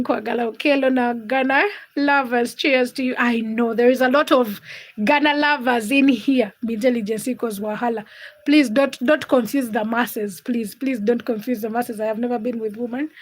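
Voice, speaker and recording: A woman's voice: a little high, low-quality recording. A woman hosting a casual livestream from her home kitchen, reading viewer comments and teasing her chat while she cooks. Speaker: livestream host.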